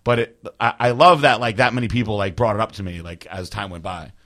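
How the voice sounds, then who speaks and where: A man's voice: fairly low pitch, a little fast, fairly bright tone. A man telling a long story in casual chat, rambling and profane, laughing at himself. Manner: rambling, profane, self-deprecating.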